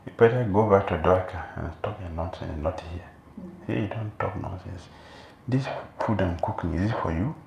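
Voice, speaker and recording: A man's voice: low-pitched, moderate pace, gravelly, a little mellow, echoey room, a little hiss or hum. A man voicing a stern, protective mother who scolds a visitor dismissively. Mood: scolding.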